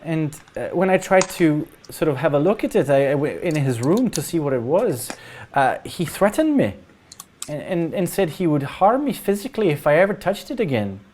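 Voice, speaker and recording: A man voicing a worried middle-aged mother in a tabletop game, speaking in halting, stammering bursts. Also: a little high, big pitch swings, a little mellow, slight background noise, voice pushed up. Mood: anxious.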